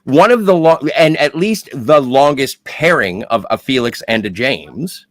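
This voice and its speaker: A man with a lively, swooping voice reacts eagerly on a podcast. His voice sounds close and dry, with no room sound. His pace keeps shifting as he works through his opinions. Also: medium pitch, unhurried, dry recording. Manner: animated, jumps in with reactions and opinions. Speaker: podcast co-host. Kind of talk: casual podcast chat.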